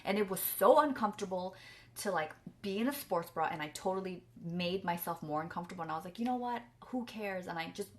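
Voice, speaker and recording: A woman's voice: lowish voice, quick pace. A young woman chatting casually to camera as a vlogger, earnest and effusive, filling her talk with "like" and "you know.". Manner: chatty, filler-heavy with frequent "like".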